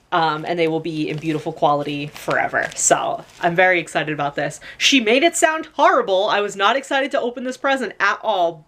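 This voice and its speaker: A woman's voice: lowish voice, a bit bright, slight background noise. A young woman chatting casually at home in a haul vlog, rambling with lots of fillers and casual swearing, recorded on a camera mic. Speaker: vlogger. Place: home room.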